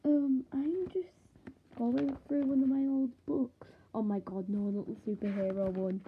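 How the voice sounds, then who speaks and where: A woman's voice: high-pitched, steady tone, measured pace, a little hiss or hum. A young woman with an English accent, chatting casually and exclaiming in a giggly, mock-dramatic way. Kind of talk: casual vlog. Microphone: phone. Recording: tinny phone-like lo-fi.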